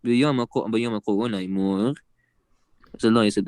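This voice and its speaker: A man's voice: fairly low pitch, moderate pace, a little mellow, smooth, no room sound. A man commentating casually with friends, teasing and mock-exasperated.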